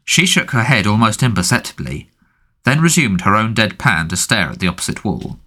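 Expressive low-voiced male audiobook narrator. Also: fairly quick. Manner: expressive storytelling. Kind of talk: scripted narration.

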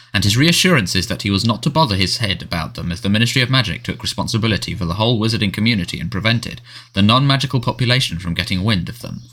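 A man narrates a storybook in a measured, expressive way. His voice sits low but moves a lot in pitch. The tone is bright and forward. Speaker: audiobook narrator.

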